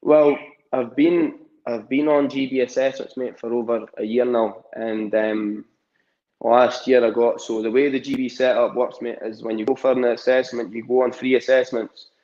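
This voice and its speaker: A young Scottish man, appearing as a boxer guest in a casual interview, rambles along with plenty of fillers and restarts. His mid-range voice is warm and steady at a normal speed, though the recording sounds muffled.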